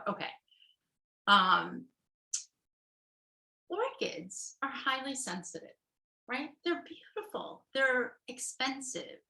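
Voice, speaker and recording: This middle-aged therapist speaks in a high-leaning, pushed, bright voice during a casual workshop talk, laughing frequently and checking in with "right?" and "okay". The audio is reverberant and poor.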